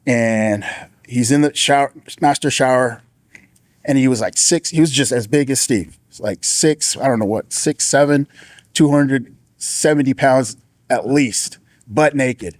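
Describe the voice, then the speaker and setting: A man, a former deputy, giving an earnest personal testimony in a casual storytelling way, with frequent restarts and raised-pitch impressions of the people he quotes. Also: a little slow, no echo.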